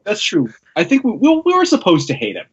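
A man talking casually on a podcast, enthusiastic and quick to laugh. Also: high-pitched, wildly swooping pitch, husky, lo-fi sound. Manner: enthusiastic, laughs often, acts out lines. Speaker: podcast guest. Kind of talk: casual chat recapping a manga chapter.

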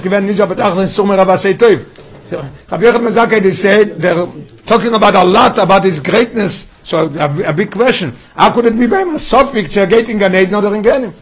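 Man, teacher, Torah study class, high-pitched, husky, restarts phrases, quizzes his students.

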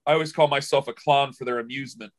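A man's voice: medium pitch, steady tone, fast talker. A man who hosts a sports radio show, talking casually in a podcast conversation, telling emotional stories that ramble with many restarts.

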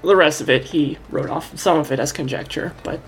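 A woman's voice: low-pitched, brisk, faint music behind. A woman narrating a tabletop game as game master, rambling and correcting herself as she goes.

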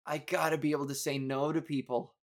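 A young man hosting a podcast rambles through a story in a casual monologue, swearing, mocking himself, and bursting into exasperation now and then. His voice is a little high and level in tone, and he talks a little fast.

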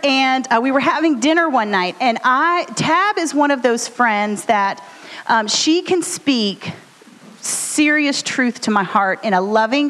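A bubbly woman with a fairly high voice chats on stage, co-hosting a live storytelling podcast. She rambles along in an animated, friendly way. Her voice rings out with a long hall reverb. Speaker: podcast co-host. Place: stage before a live audience.

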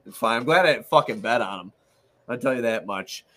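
Sports host, male, bright crisp voice, swears freely, self-deprecating. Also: medium pitch, brisk. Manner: profane, self-deprecating, animated venting. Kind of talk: casual sports chat.

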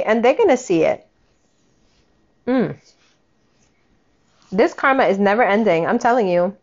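A woman's voice: fairly high pitch, a little mellow, dull audio. A woman giving a casual commentary rant, blunt, sarcastic and full of swearing.

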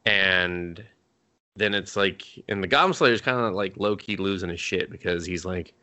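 A man's voice: sits low, normal speed, pushed and bright, dull audio. A man co-hosting a podcast, loosely recapping an anime episode in a rambling, profane, filler-heavy way. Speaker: podcast co-host.

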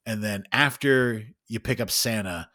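A man in his thirties co-hosting a podcast, telling an animated, swearing story with lots of laughs. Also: lowish voice, unhurried. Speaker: podcast co-host. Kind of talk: casual chat.

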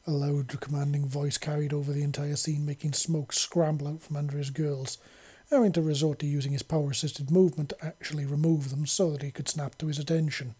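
An amateur narrator reads a fan-fiction story aloud. The voice is mellow and slightly husky. The delivery is unpolished and often stops to correct its own slips. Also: medium pitch, flat delivery, brisk. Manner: unpolished reading with self-corrections.

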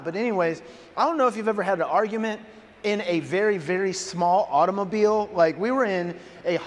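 A man in his thirties preaching as a pastor, telling a story in a lively, self-deprecating way. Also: on the high side. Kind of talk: sermon with storytelling. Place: large church hall. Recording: reverberant hall, faint ambience.

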